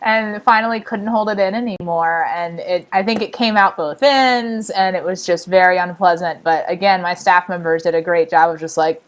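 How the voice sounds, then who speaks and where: A woman co-hosting a podcast, telling camp anecdotes in casual chat and acting out what people said. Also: on the low side. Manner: animated anecdote teller who acts out quotes. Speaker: podcast co-host, camp staff.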